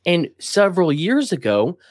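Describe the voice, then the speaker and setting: A man's voice: sits high, big pitch swings, moderate pace, dry recording, clean studio sound. A man co-hosting a casual political talk podcast, speaking emphatically and pushing his voice up at strong points. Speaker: podcast co-host.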